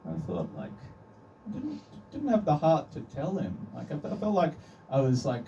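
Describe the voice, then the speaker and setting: A man's voice: a little high, wildly swooping pitch, normal speed, warm tone, lo-fi sound. An Australian man with an Australian accent performing a stand-up comedy set in a dry, self-deprecating way. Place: comedy club stage. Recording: distant club recording with room noise.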